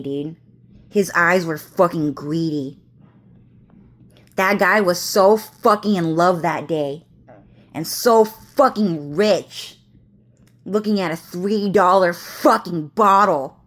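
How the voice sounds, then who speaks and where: A woman vlogging from home, ranting to camera in a rambling, agitated way with constant swearing and repetition. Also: lowish voice.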